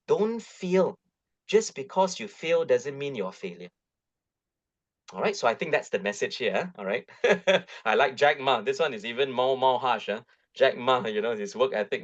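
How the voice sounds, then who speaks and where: A middle-aged man with a Malaysian English accent gives a webinar talk on parenting, coaxing and lively, full of tag questions. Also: mid-range voice. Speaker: guest speaker. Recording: dull lo-fi webinar audio.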